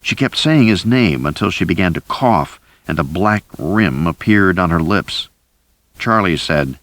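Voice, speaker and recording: A man reading a thriller audiobook in first person, with a steady, deep delivery. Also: measured pace, no room sound. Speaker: audiobook narrator. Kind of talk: scripted first-person narration.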